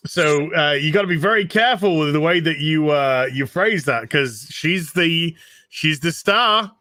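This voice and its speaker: A man's voice: a little high, lively intonation, bright, forceful tone, no room sound, studio quality. A man joining a livestream as a guest, chiming in casually and correcting details. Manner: quick interjections, corrects details. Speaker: guest co-host. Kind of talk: casual chat.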